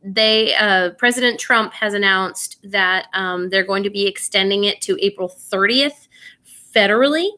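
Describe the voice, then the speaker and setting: Young woman teacher, bright tone, informal and full of "um" and "right?". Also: mid-range voice, measured pace. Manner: chatty, with many fillers and "right?" checks. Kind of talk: live online class lesson.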